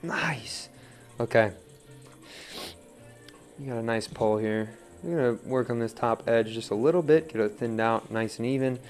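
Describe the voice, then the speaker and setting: Relaxed man coaching at the pottery wheel. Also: mid-range voice, normal speed, long pauses, faint music behind. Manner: relaxed, coaching, keeps asking right?. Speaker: pottery teacher. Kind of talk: casual wheel-throwing demo.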